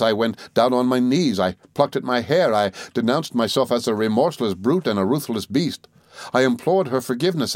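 A man reading a classic novel aloud as an audiobook narrator, in a measured storytelling manner. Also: medium pitch, no echo, studio quality.

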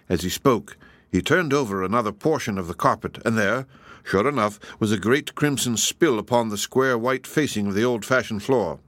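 A man reading a mystery story aloud in a measured, even narration. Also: lowish voice, no echo. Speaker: audiobook narrator.

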